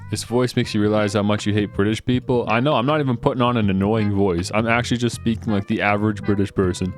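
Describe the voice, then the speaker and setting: A man's voice: fairly low pitch, fairly even intonation, quick pace, faint music behind. A man giving casual, joking commentary while playing a video game. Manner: joking, chatty, laughs a lot. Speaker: let's play gamer.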